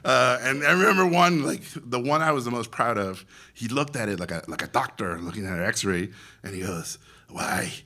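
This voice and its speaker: A man in his forties with a Mexican accent gives an animated storytelling talk to students. His voice is bright and forward, with a ringing edge. He slips into the voices of the people in his stories. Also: medium pitch, brisk. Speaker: guest speaker, animation director.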